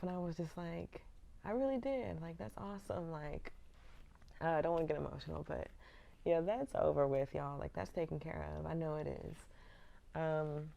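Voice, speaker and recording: A woman's voice: low voice, creaky, mellow. A young woman in her twenties talking casually and candidly to her viewers, calling them y'all. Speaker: vlogger. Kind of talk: casual vlog talk to viewers.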